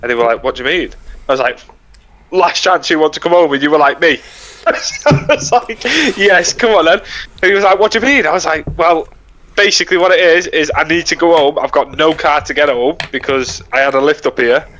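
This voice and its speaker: A man's voice: a little high, fairly quick, fairly bright tone, slight background noise. A young British man co-hosting a podcast, telling army stories in a casual, laughing, swearing way. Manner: laughing, swearing, acts out quoted lines. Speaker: podcast co-host. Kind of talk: casual storytelling chat.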